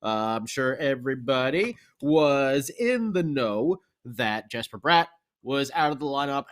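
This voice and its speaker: A man co-hosting a hockey recap podcast in an upbeat, rambling way with fillers. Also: mid-range voice. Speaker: podcast co-host. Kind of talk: casual hockey recap chat.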